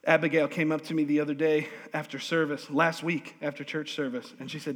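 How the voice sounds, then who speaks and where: High-voiced man preaching in a reverberant church. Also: brisk, hardly any pauses. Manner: lively, humorous preaching with call-and-response. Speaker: pastor. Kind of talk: sermon. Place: church sanctuary. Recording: long hall reverb.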